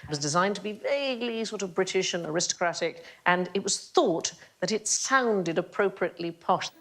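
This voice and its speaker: A woman's voice: lowish voice, lively intonation, a little fast, fairly bright tone. A woman hosting a comedy panel quiz, explaining facts playfully and laughing often. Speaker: quiz show host.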